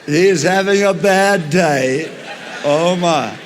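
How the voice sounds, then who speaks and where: A man preaching a storytelling sermon, retelling a Bible story in an animated way with frequent chuckles. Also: on the high side, slow, in a large hall, some chatter behind, slight background noise.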